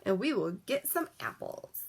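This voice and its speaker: A woman voicing a sly, hungry male wolf in a storybook read-aloud, drawing out his threats slowly and loudly. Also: big pitch swings, slightly rough, exaggerated voice. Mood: coaxing. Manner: slow, drawn-out, booming threats.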